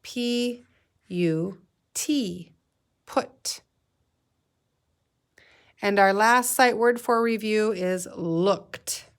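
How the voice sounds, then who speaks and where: A woman's voice: mid-range voice, extremely slow. A woman teacher leading a guided reading lesson for young children, patiently sounding out letters and words.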